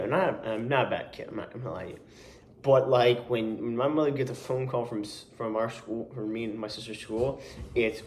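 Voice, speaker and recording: A man's voice: mid-range voice, moderate pace, a little mellow. A young man who works as a camp coach, telling a story in a casual vlog, rambling with many restarts and asides and sounding exasperated. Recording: roomy echo.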